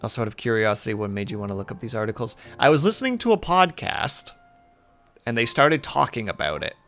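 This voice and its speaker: A man's voice: lowish voice, sing-song, quick pace, a bit bright, faint music behind. A man streaming live, chatting casually and rambling with his viewers in a self-deprecating way.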